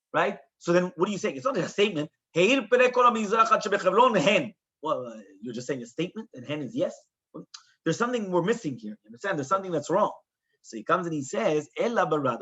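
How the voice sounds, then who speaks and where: A man's voice: a little high, lively intonation, quick pace, a bit bright, breathy edge, muffled recording. A man teaching a Talmud class as a rabbi, explaining the text with lots of rhetorical questions and quoted Hebrew and Aramaic.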